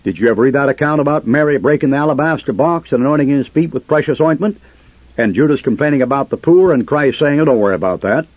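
A man's voice: fairly high pitch, fast, slightly rough, no echo. A man preaching a fiery sermon in a combative way, firing rhetorical questions at his listeners. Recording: muffled lo-fi recording.

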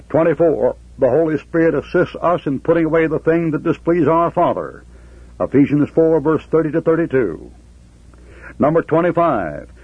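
A man's voice: mid-range voice, slightly rough, no echo. A man preaching a sermon with a sarcastic, folksy storytelling manner. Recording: tinny phone-like, dry.

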